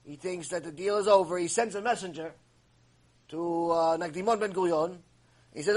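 A male religious teacher gives a storytelling lecture in a fairly high voice. He tells the tale in an animated way and slips into the voices of its characters. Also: moderate pace, low-quality recording.

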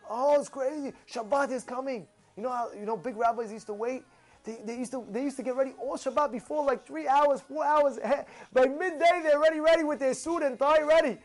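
A man teaching a Torah class, animated, acting out excited voices with gasps and rhetorical questions. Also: extremely high pitch, a little fast.

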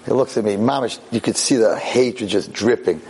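A man, a rabbi, telling a story to an audience in an animated, wry way, often breaking off and restarting. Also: on the low side, normal speed, husky, poor audio. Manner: animated, self-interrupting, wry.

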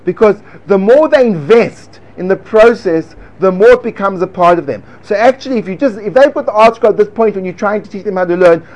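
A man's voice: sits high, a little mellow. A man lecturing a small group on how to teach Talmud, earnest and demonstrative, sometimes slipping into a sing-song study chant.

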